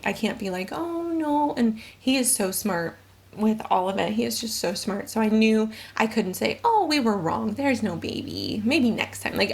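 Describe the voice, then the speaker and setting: A woman's voice: mid-range voice, creaky. A young adult woman vlogger telling a personal story to camera, candid and emotional, rambling with fillers.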